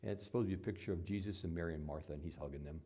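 Guy preaching a sermon, warm mellow voice, gets loud then drops low and chatty. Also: very fast, breathy edge. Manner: swings between loud emphatic preaching and quiet conversational asides; acts out quoted voices. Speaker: pastor.

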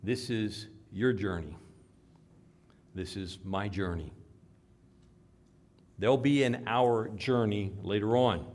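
A pastor with a Midwestern American accent, preaching a sermon that swings from quiet to loud emphasis. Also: male voice, fairly low pitch.

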